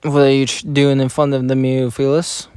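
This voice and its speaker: A man reading game story dialogue aloud in a plain, even manner, often stumbling over words and correcting himself. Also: mid-range voice, a little fast, clear, resonant tone, no room sound, studio quality. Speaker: reader of game story scenes.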